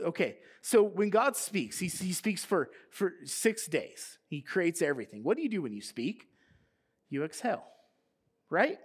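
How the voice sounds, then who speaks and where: Male pastor, sermon delivery, fairly high voice with animated pitch swings, questions to the congregation. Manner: animated preaching, reading scripture aloud, asks the congregation questions.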